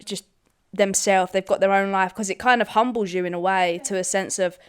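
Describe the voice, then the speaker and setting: A young woman with a Scottish accent chats casually on a podcast, swearing freely and laughing often. Her voice is smooth and clear, recorded close and dry with no room sound. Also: mid-range voice, fairly even intonation, brisk, no echo. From Scotland. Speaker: podcast co-host. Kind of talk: casual chat.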